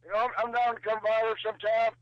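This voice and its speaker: A man doing a brash, high gruff tough-guy caller. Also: flat delivery, quick pace, no echo, highs cut off, lightly acted. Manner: brash, teasing, drawling. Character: gruff tough-guy wrestling star calling in, male middle-aged. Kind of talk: prank phone call impression. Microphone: phone.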